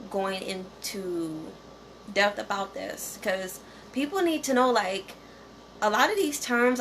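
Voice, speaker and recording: Slow-talking woman hosting an educational vlog. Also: mid-range voice, sharp tone, a little hiss or hum. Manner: conversational, often checks in with "okay?"; reads source text aloud, stumbles over pronunciations. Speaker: channel host.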